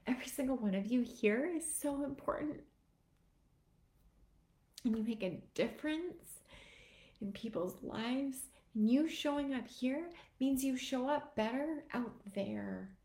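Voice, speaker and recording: A woman's voice: high-pitched, unhurried, darkish tone. Emotional woman fitness coach, echoey room. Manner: earnest, emotional, heartfelt. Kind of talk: motivational live video talk.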